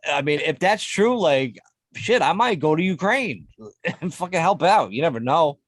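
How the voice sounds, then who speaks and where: A man's voice: a little high, big pitch swings, normal speed, dry recording, clean studio sound. A man co-hosting a podcast, profane and mocking, laughing through his stories. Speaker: podcast co-host. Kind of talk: casual chat.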